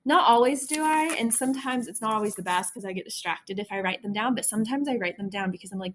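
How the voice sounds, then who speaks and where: A young woman talks through her faith in a candid, confessional way, like a friend opening up. She is earnest and quick to laugh at herself. Her pitch sits in an ordinary middle range. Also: fairly bright tone. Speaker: faith podcast host. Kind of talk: candid personal devotional talk.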